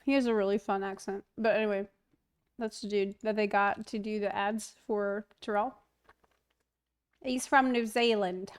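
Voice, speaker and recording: A woman's voice: mid-range voice, fairly even intonation, moderate pace, clear, resonant tone. A woman streamer chatting casually and giggling as she reads chat aloud.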